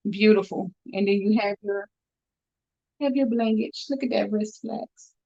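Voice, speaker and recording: A woman's voice: medium pitch, a little slow, creaky, very noisy. A woman selling her handmade bracelets on a live stream, chatty and upbeat as she talks straight to her viewers from home. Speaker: jewelry seller on a live stream. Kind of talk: casual live sales chat. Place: room at home. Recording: dull lo-fi stream audio.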